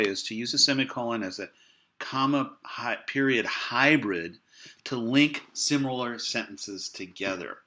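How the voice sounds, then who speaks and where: Man, college writing instructor, bright forceful voice, relaxed explanatory lecture, casual asides. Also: mid-range voice. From United States. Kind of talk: recorded lecture.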